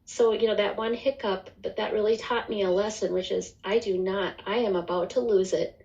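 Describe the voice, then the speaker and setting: A woman's voice: mid-range voice, fairly even intonation, normal speed, vocal fry, darkish tone, dull audio. A woman on a video call telling her personal story in a rambling, emotional way, laughing often. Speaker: community member sharing her story.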